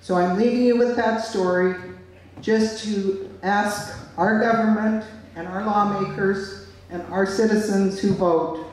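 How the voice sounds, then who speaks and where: An older man at a public hearing, telling a family story in a deliberate, reflective way. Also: high voice, slight background noise. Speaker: public commenter. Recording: echoey hall, voice from far off.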